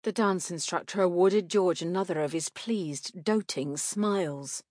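Woman narrating an audiobook, low and dry. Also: measured pace, a little mellow, no echo.

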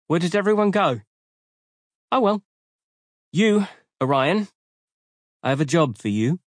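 A man's voice: a little high, expressive, a little slow, no echo, clean studio sound, pitched above the performer's own voice. A man voicing a haughty, ageless otherworldly creature with a melodic voice, in an audiobook. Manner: haughty, commanding.

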